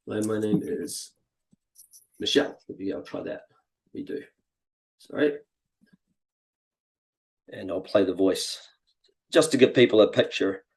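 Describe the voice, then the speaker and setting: A man hosting a casual interview, talking in a relaxed, chatty way with many fillers. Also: sits low, unhurried, creaky, pauses often. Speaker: host. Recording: echoey room.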